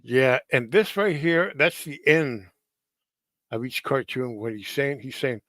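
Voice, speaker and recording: A man's voice: medium pitch, unhurried, a bit bright, no echo. A man chatting casually to camera in a rambling, hesitant way with many fillers.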